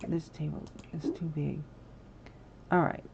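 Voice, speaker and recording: A woman's voice: low voice, level tone, unhurried, gravelly, lo-fi sound, very noisy. A woman hosting a live game stream, chatting casually and apologetically with her viewers and breaking into sudden exclamations. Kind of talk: casual livestream chat while building in a game.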